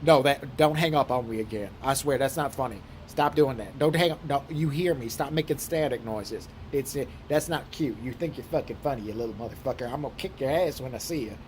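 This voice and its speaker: A man's voice: medium pitch, brisk, few pauses, a little hiss or hum, natural voice. A man putting on his crude, foul-mouthed redneck trucker brother in a comic impression, blustering and scolding with nonstop profanity. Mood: threatening.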